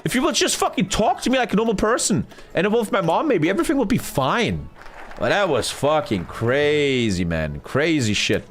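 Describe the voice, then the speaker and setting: A man's voice: on the high side, normal speed. A man, telling a story on a gaming live stream in a casual, profane way and acting out what others said. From Germany. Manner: animated, profane, retelling with acted-out quotes.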